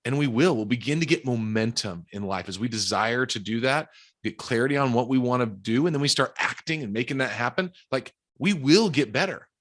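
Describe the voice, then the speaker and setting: A man's voice: medium pitch, expressive, brisk, fairly bright tone. A man speaking as a podcast guest, earnest and encouraging in casual conversation.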